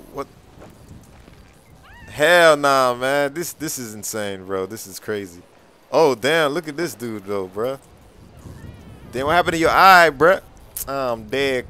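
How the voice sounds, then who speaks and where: A young man giving casual, excitable game commentary, full of slang and repeated reactions. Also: mid-range voice. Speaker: gameplay commentator.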